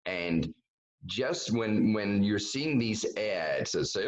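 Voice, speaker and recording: A man's voice: fairly low pitch, slow, low-quality recording. A man giving a webinar presentation over a video call, talking bluntly and casually with lots of fillers and restarts.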